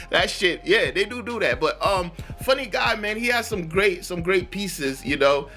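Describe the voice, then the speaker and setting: Bright, high-voiced, laid-back reaction host. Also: male voice, animated, a little slow, faint music behind. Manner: laid-back slangy talk, laughing often. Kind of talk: casual chat.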